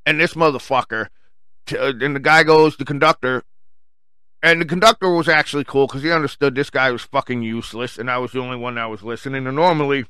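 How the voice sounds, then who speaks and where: A man's voice: mid-range voice, quick pace, pushed and bright, clear, resonant tone, no room sound. A man telling a story in a heated, profane rant full of insults.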